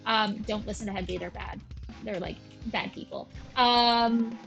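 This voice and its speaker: A woman's voice: fairly high pitch, measured pace, fairly bright tone, faint music behind, poor audio. Chatty young woman rambling over gameplay. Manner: rambling, chatty, self-deprecating. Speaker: gaming channel host. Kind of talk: casual gameplay commentary. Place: at home with her cats.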